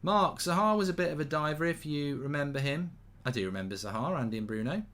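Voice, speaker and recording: A man's voice: fairly high pitch, expressive, fast talker, fairly bright tone. A man giving casual, jokey live football commentary and reading out viewer comments.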